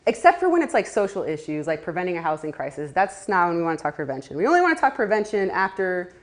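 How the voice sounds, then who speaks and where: A woman's voice: lowish voice, very animated, quick pace. A woman giving a casual talk to a live audience, chatty, with laughing asides and many fillers. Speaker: community speaker.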